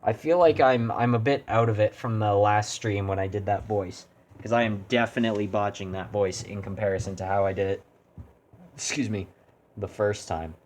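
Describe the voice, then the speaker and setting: A man's voice: on the low side, steady tone, moderate pace, a little mellow, a little hiss or hum. A man streaming a video game, chatting casually and critiquing his own attempts at doing voices. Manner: rambling, self-deprecating. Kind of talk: casual gaming stream chat.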